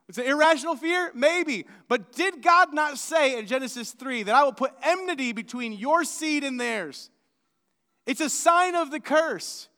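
A man's voice: very high voice, normal speed. A man preaching a sermon as pastor, telling stories animatedly and acting out quoted voices. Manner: storytelling, animated with acted-out quotes. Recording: long hall reverb.

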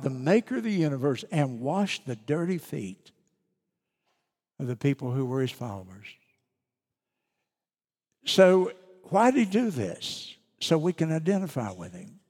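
Slow, emphatic preacher in a reverberant church. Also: male voice, mid-range voice, a little mellow. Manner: earnest, emphatic, with pauses. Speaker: pastor. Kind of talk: sermon.

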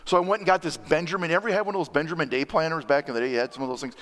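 High-voiced preaching man in reverberant church. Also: racing. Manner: earnest, excitable preaching with rising emphasis. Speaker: pastor. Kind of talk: sermon. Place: church sanctuary.

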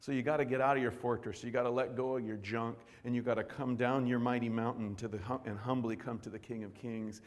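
A male pastor preaching a fervent sermon, swinging between quiet, intimate passages and loud, impassioned pleading. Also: mid-range voice, steady tone, quick pace, hardly any pauses, in a large hall.

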